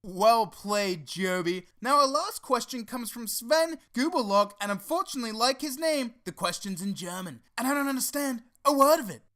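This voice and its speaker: A man's voice: extremely high pitch, animated, moderate pace, hardly any pauses, bright, forceful tone, full character voice. A man playing a fawning, creepy fake-news co-host in a comedy sketch, reading in a mock-newsreader way with menacing asides. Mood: mock-serious.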